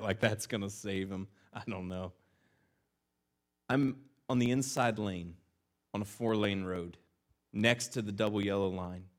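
In a church, a male pastor with a fairly low voice tells a self-deprecating story during his sermon. He's animated and acts out the lines as he goes.

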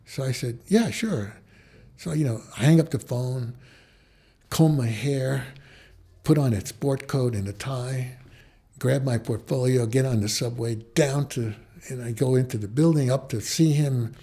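An older man from the Bronx, a photographer, telling a personal anecdote with halting restarts and acted-out quoted voices. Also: mid-range voice, warm tone, breathy edge. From New York, Bronx.

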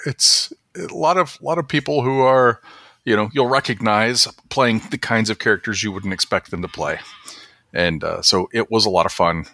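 A man's voice: on the low side, normal speed, sharp tone, no room sound. A man hosting a casual podcast chat about movies, rambling with many fillers and restarts. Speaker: podcast host.

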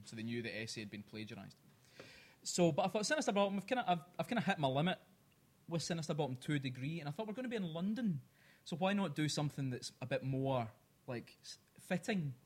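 A man co-hosting a podcast live before an audience, running a quiz segment with lots of self-deprecating laughter and filler words. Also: mid-range voice. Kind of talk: casual live podcast chat.

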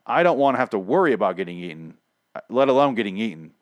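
A man's voice: fairly low pitch, sing-song, fast, no room sound. A man giving a casual, sarcastic and profane recap of TV episodes, rambling as he goes. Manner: sarcastic, rambling, heavy swearing. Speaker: show reviewer.

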